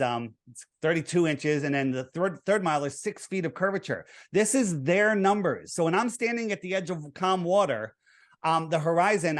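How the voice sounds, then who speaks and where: Man lecturing earnestly, fairly high voice. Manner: earnest, lecturing, walks through numbers step by step. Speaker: interview guest. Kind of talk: explanatory interview talk.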